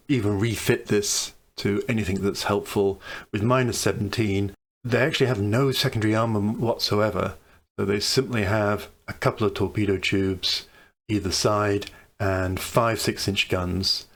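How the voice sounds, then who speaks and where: Gravelly man musing through a strategy game. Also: lowish voice. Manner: thinking aloud, musing over choices. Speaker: let's play commentator. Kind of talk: casual gameplay commentary.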